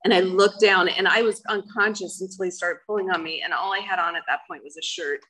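A woman's voice: fairly low pitch, steady tone, a little fast, pushed and bright, slight background noise, low-quality recording. A middle-aged woman giving a personal testimony talk, earnest and emotional, with many fillers. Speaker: speaker sharing her life story.

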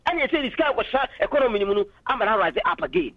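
A man's voice: sits high, sing-song, rapid-fire, no echo. A man calling in to a political radio talk show, arguing passionately and switching into English phrases, heard over a dull phone line. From Ghana.

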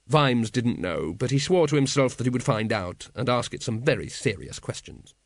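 A man narrating a comic fantasy audiobook in a wry, expressive storytelling manner. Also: medium pitch, normal speed, creaky, few pauses, no room sound, studio quality. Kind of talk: scripted narration.

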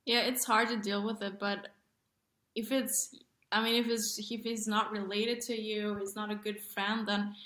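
A woman guest in a casual conversation, talking in a relaxed, somewhat hesitant way. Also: mid-range voice, measured pace, roomy sound. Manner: relaxed, hesitant, laughs between phrases.

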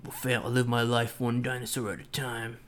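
A man doing a quick, mock-solemn impression of a gruff male action-movie star. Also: medium pitch, flat delivery, a little hiss or hum, close to an everyday voice.

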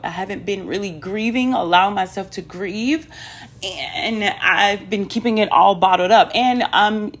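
A woman talking candidly to viewers in a casual personal vlog, chatty, with many ums and asides to "y'all". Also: mid-range voice. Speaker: vlogger.

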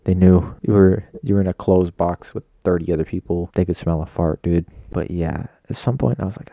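A young man chats alone at his computer, his voice deep and dark-toned with a dry, close sound. He talks in a loose, slangy, self-deprecating ramble, jumping from one tangent to the next. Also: fairly even intonation, moderate pace, creaky, few pauses, no echo. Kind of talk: casual rambling monologue. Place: at home at a computer.

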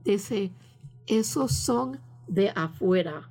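A woman's voice: medium pitch, animated, takes it slowly, darkish tone, faint music behind. An older woman being interviewed, telling stories casually in a rambling way, full of fillers and slipping into Spanish phrases. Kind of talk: casual storytelling.

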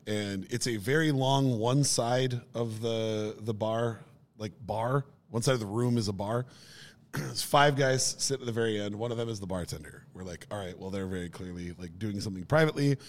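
Animated, storytelling man co-hosting a podcast. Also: on the low side, normal speed, big-room sound. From Minnesota. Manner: animated storyteller, swears casually, laughs often. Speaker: podcast co-host. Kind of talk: casual storytelling chat.

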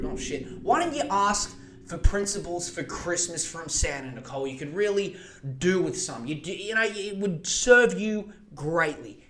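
A man's voice: high voice, animated, moderate pace, background noise. A young man hosting a podcast, ranting passionately about politics, swearing and speeding up when he gets worked up. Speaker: podcast host. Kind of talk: casual political rant.

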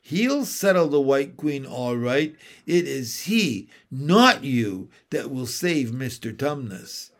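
A man's voice: mid-range voice, big pitch swings, slow pace, hardly any pauses. A man reading aloud from a storybook, voicing a hearty but gloomy male talking beaver with folksy, earnest speech.

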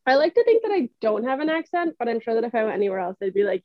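A woman's voice: a little high, big pitch swings, very fast, no room sound. A young woman with a New Hampshire accent chats and tells stories on a podcast, laughing easily. Her voice comes through somewhat muffled and close, with no room sound. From New England. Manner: chatty storyteller, laughs often. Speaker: podcast co-host. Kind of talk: casual chat.

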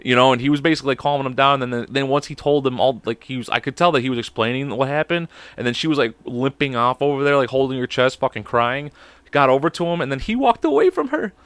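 A man's voice: mid-range voice, animated, fast, a bit bright, clear, resonant tone, no room sound. Profane rambling young man, dry sound. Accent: Chicago. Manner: profane, rambling, laughing often. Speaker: podcast co-host. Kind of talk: casual storytelling.

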